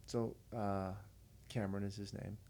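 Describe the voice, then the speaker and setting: Man, low gravelly voice, mellow tone, earnest, conversational storytelling. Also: little pitch movement, moderate pace. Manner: earnest, conversational, retells dialogue. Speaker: podcast guest, veteran. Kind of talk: casual storytelling.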